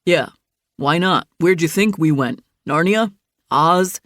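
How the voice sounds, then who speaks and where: A woman's voice: fairly low pitch, slow, a bit bright, no echo. A woman narrator voicing a big, easygoing young man who jokes and reassures. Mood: excited. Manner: joking, reassuring.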